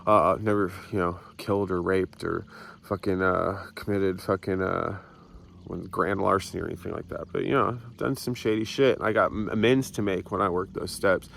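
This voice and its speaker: Low-pitched and a bit bright with vocal fry, this young man's voice stays fairly even at a normal speed, with slight background noise. He's vlogging handheld on an outdoor hillside, rambling, swearing, mocking himself and starting over in a casual confession.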